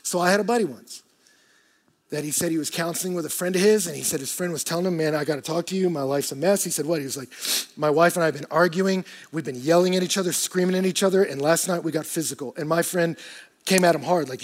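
A man preaching a sermon, swinging from loud animated bursts to hushed low emphasis and acting out quoted voices for humor. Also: fast talker.

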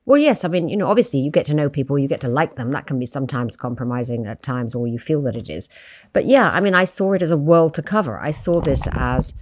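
A woman being interviewed about her years as a magazine editor, telling animated anecdotes with many asides. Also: low voice, fast talker. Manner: animated, anecdotal, lots of "you know". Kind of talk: reflective interview storytelling.

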